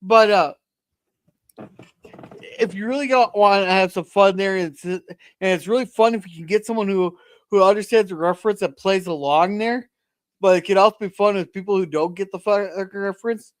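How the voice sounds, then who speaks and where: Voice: mid-range voice, normal speed, no room sound. A co-host of a casual live-stream chat who jokes crudely, swears freely and reads viewer comments aloud.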